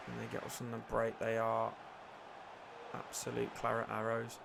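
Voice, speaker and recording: A young man commentating his own football video game, excitable, muttering and then shouting, swearing and joking. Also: medium pitch, measured pace, creaky, long pauses. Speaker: gaming YouTuber. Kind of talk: live gameplay commentary.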